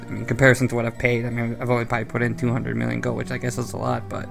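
Young male co-host, gravelly, mid-pitched, chatty and rambling, soft music underneath. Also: completely flat delivery, rapid-fire. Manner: laughs often, rambling with fillers. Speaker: podcast co-host. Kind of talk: casual gaming podcast chat.

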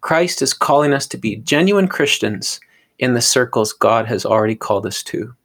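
A man's voice: medium pitch, lively intonation, moderate pace, fairly bright tone, breathy edge. A man teaching on a podcast in an earnest, sermon-like way, often stumbling and repeating words. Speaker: podcast co-host teaching on scripture.

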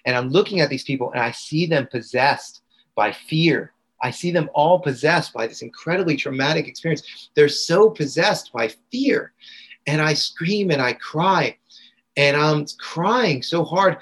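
Husky-voiced man telling a raw story. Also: a little high, moderate pace, fairly bright tone, poor audio. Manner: intense, raw, vivid retelling. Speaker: guest, integration coach. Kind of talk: emotional personal storytelling.

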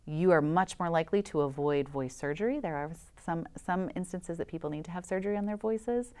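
Low smooth-voiced lady, voice expert guest, keen and explain-y. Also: brisk, a little mellow. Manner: enthusiastic, explanatory. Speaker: voice specialist guest. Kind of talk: interview, explaining.

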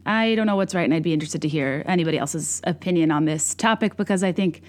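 This podcast host is a young adult woman who talks fast in a lowish, darkish voice. She delivers a rambling, casual comedic monologue full of wry self-deprecation.

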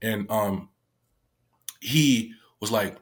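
A man's voice: lowish voice, very slow. Man telling a story, loose and profane. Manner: loose, profane, full of "like" fillers. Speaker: youth worker. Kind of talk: casual storytelling.

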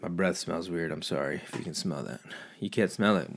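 Man, deep gravelly voice, casual vlog rant, swears a lot, home recording. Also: fairly quick, noisy background. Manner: profane, ranting, animated storytelling. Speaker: vlogger. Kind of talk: casual rambling monologue.

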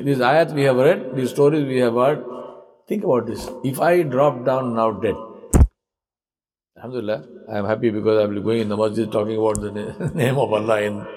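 A man's voice: medium pitch, a little mellow, a little hiss or hum, rough recording. Man preaching a storytelling sermon. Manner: storytelling, rhetorical questions.

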